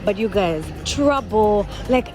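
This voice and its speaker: A woman's voice: mid-range voice, animated, takes it slowly, poor audio. A young woman from Uganda, chatting animatedly to viewers as a travel vlogger over background music. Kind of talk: casual travel vlog narration.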